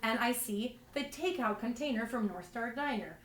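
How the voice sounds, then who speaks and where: A woman's voice: a little high, expressive, normal speed. Self-mocking woman comic in a roomy space. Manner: self-deprecating, rambling with many restarts. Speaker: stand-up comedian. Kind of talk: stand-up comedy storytelling. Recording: roomy, distant mic.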